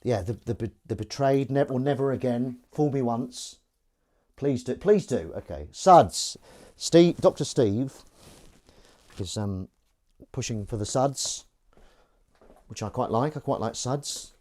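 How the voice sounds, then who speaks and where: With a warm tone and lively intonation, this man talks unhurriedly at a medium pitch. He's a live streamer doing the washing up in his kitchen, sink in front of him, and his casual chatter wanders along as he jokes at his own expense.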